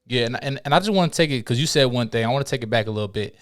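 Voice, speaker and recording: A man's voice: mid-range voice, lively intonation, rapid-fire. A man co-hosting a podcast, a former morning show host, giving advice in a casual, preachy way built on sayings. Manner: preachy, uses sayings, asks "right?".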